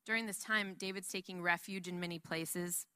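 A woman teaching from the Bible in a loose, chatty way, animated and full of asides. Her voice sits fairly low but sounds bright and forceful. It is recorded close and dry, with no room sound. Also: moderate pace, clean tone, no echo.

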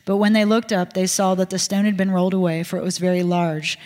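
A woman reading scripture aloud in a steady, even manner. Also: on the low side, fast. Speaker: scripture reader. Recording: long hall reverb.

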